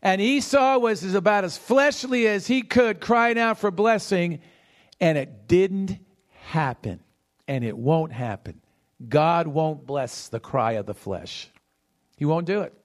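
A man with a high, slightly slow voice preaches a sermon, teaching verse by verse, acting out the story's voices, and animatedly calling questions out to quiz the congregation.

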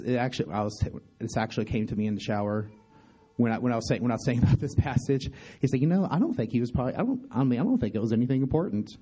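A man shares his thoughts on a scripture passage in a relaxed, conversational way, asking his listeners questions as he goes. His voice is dark and mellow, set in a moderate register. He starts and restarts his sentences, leaning on fillers as he searches for words. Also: mid-range voice. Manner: halting, many restarts and fillers. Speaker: bible teacher. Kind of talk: informal bible study talk.

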